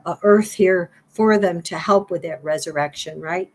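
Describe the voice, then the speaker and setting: A woman's voice: lowish voice, normal speed, few pauses, rough recording. A middle-aged woman giving a spiritual card reading to her viewers, earnest and pleading, repeating her phrases.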